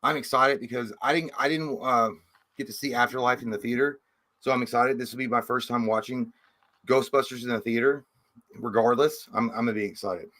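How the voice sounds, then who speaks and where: A man's voice: medium pitch, fairly even intonation, fairly quick, sharp tone. A man co-hosting a live movie podcast, talking in an earnest, upbeat, casual way. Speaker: podcast co-host.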